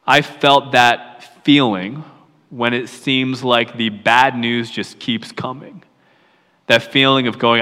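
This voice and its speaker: Bright-voiced man preaching in a hall. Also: medium pitch, unhurried. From York, Pennsylvania, USA. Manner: storytelling, drops to a hushed near-whisper at times. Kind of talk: personal story in a sermon.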